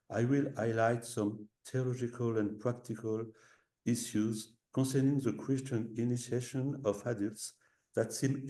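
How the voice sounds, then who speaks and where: French guy reading his lecture over a video call, measured, a bit echoey. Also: mid-range voice, dark tone. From France. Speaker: guest lecturer. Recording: echoey room audio.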